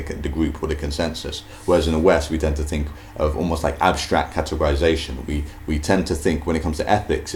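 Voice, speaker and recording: A man with an extremely deep, low voice talks through ideas in an unscripted, thinking-aloud way. He hesitates often, with fillers and restarted phrases. A faint noise sits under the recording. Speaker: video host. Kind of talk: casual spoken commentary.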